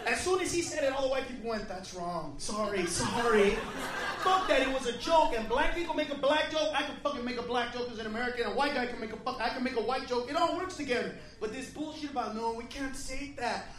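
A man doing a stand-up set in a comedy club. He rants with a lot of profanity and swings from quiet mutters to loud shouts. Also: very high-pitched, fast, few pauses, recorded from a distance. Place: comedy club stage with a live audience. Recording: echoey club with crowd laughter and noise.

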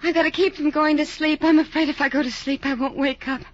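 A woman's voice: high-pitched, fairly even intonation, quick pace, no room sound, muffled recording, lightly acted. An actress playing a young woman from the American South, delirious with fever, talking in a breathless, pleading way. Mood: frightened.

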